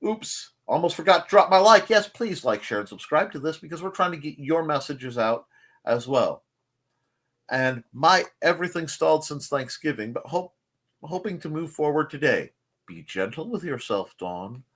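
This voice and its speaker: Lively rambling male stream host. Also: fairly high pitch, moderate pace. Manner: rambling, self-deprecating, jokey asides. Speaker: host of a live morning show. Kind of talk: casual live-stream chat reading comments.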